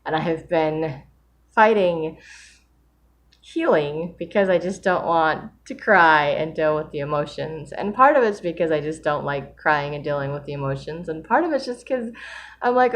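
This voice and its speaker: A woman talking candidly in a reflective personal vlog, earnest and open, with soft laughs and fillers as she speaks of gratitude and faith. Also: low-pitched, moderate pace. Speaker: vlogger sharing a daily writing video.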